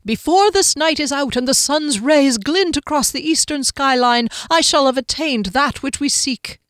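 A woman's voice: sits high, normal speed, fairly bright tone, dry recording, studio quality, pitched above the performer's own voice. A woman voicing a small male halfling trickster who speaks in grand, courtly phrases, in a storybook reading. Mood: grandiloquent.

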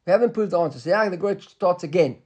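A man's voice: sits high, expressive, rapid-fire, darkish tone, husky, dull audio. A man teaching a Talmud class, explaining step by step and often checking with "right?", mixing English with Hebrew and Aramaic terms.

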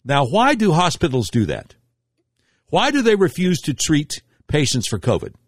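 A man's voice: huge pitch swings, moderate pace, no echo, studio quality. A middle-aged man hosting a radio talk show, delivering a political commentary monologue in an emphatic, indignant way. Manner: emphatic, indignant storytelling with sharp pitch swings.

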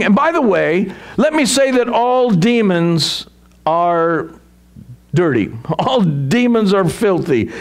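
A male pastor preaching a sermon in a conversational way, often chuckling as he explains scripture. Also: high-pitched.

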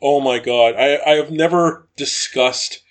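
A man co-hosting a podcast, reacting with wry humor, quick laughs and mock exasperation. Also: medium pitch. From Scotland. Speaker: podcast co-host. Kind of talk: casual podcast banter.

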